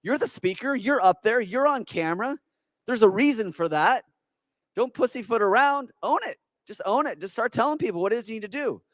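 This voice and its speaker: A man giving an energetic, persuasive stage talk at a business expo, quizzing the audience with rhetorical questions. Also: very high-pitched, a little fast, no echo. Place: conference hall with audience.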